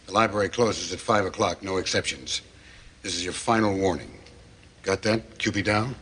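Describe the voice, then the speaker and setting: An actor playing a stern, pompous older male librarian who speaks in a slow, solemn, menacing way, in a sitcom clip. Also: low voice. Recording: TV sitcom clip with loud audience and noise.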